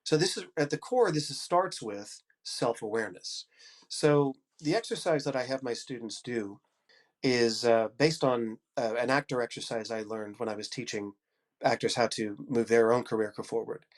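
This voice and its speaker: At a conference, a fifties-aged audiobook narrator and coach speaks with a head cold, his medium-pitched voice moving at a moderate pace. He sounds warm, positive and encouraging throughout.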